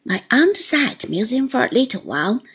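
Slow hushed woman reading a novel aloud, pretty high voice, whispery and breathy. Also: very animated. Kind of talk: audiobook narration of a classic novel.

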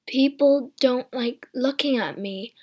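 A woman voicing a gentle, shy, deformed young man who speaks in a strange, slow voice. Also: high voice, breathy edge, heavily acted. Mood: gentle, resigned.

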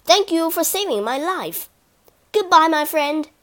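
A proud jungle king who snarls and sneers at the little ones around him, as a woman reader puts him on. Slow, blustering storybook delivery. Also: very high-pitched, lively intonation, a bit bright, pitched above the performer's own voice, full character voice. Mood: gruff. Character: proud boastful male lion, king of the jungle.

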